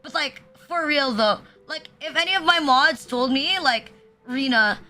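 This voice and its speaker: A woman's voice: high voice, normal speed, pushed and bright, soft background music. A young woman streaming, joking crudely and rambling with lots of fillers. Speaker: VTuber streamer. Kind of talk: casual livestream chat.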